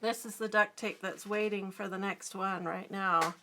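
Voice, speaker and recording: A woman's voice: medium pitch, fairly even intonation, normal speed, background noise. A middle-aged woman artist chatting casually on a live stream, giggling often and answering viewer comments as she draws. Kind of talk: casual live-stream chat while drawing.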